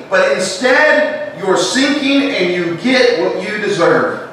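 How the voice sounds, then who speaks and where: A Southern American man delivers a church sermon, building to emphatic, raised declarations before dropping to soft, hushed lines. He is heard from a distance in a very echoey sanctuary with a faint hum of room noise. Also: high voice, big pitch swings, measured pace. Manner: rises to emphatic preaching then drops to hushed tones. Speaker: preacher.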